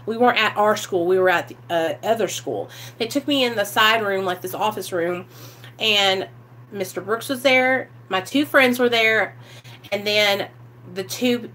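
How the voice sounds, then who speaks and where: A woman, candidly telling her life story to the camera, animated and swearing freely, acting out what people said. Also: mid-range voice. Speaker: vlogger sharing recovery story.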